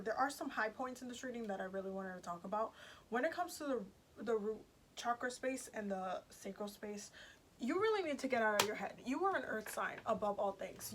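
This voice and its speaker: A woman's voice: medium pitch, fairly bright tone. Woman rambling thru a tarot reading, talks straight to her viewers, lots of ums, slight hiss in the background. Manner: chatty, emphatic, fillers and repeats. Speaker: tarot reader. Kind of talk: casual tarot reading to camera.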